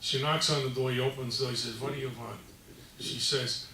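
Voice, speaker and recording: A man telling a string of jokes, slipping into quick put-on voices for the punchlines. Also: mid-range voice, bright, forceful tone, echoey room, recorded from a distance, a little hiss or hum, low-quality recording. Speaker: comedian. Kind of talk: stand-up joke telling.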